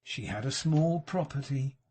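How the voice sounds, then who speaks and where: A man voicing a sanctimonious, self-pitying middle-aged gentleman in an audiobook, mournful and unctuous. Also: medium pitch, measured pace, voice pushed up, lightly acted. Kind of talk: audiobook character reading.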